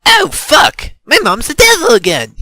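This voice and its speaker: A man voicing a frantic young man in a high, yelling voice. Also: huge pitch swings, extremely slow, gravelly, no room sound, heavily acted. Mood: panicked yelling.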